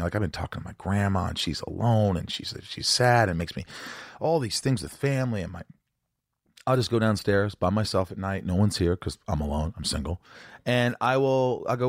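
A man's voice: lowish voice, expressive, a little fast, no echo, clean studio sound. A man hosting a podcast, talking bluntly and openly about his feelings and swearing freely. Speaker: podcast host. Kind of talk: casual podcast interview.

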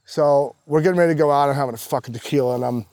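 A man, a professional golfer, guesting on a casual podcast, telling animated, profanity-laced stories. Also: fairly high pitch, very fast, no echo.

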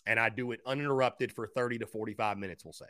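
A man's voice: on the low side, steady tone, fast talker, no echo, studio quality. A man hosting a live call-in sports podcast. He talks energetically, repeats his points, thanks viewers by name and speaks straight to his audience. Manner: thanks fans and shouts out supporters by name. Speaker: podcast host. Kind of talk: live-stream call-in show chat.

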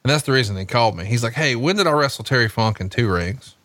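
A man hosting a podcast, chatting casually and telling animated stories while watching a wrestling match. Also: mid-range voice, quick pace, no room sound, clean studio sound. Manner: animated storytelling, swears casually. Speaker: podcast host.

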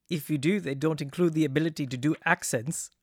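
A woman voicing a calm, measured witch. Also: deep voice, slightly rough, no echo, studio quality. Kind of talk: audio drama acting.

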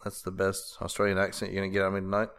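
A man's voice: low voice, monotone, rapid-fire, vocal fry, a bit bright, clear, resonant tone. A man co-hosting a podcast in casual chat, rambling through a story with crude jokes and laughter. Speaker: podcast co-host.

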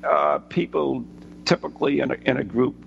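A man hosting a radio talk show, asking relaxed, chatty questions. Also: mid-range voice, moderate pace, vocal fry, dull audio, slight background noise. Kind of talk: casual radio interview.

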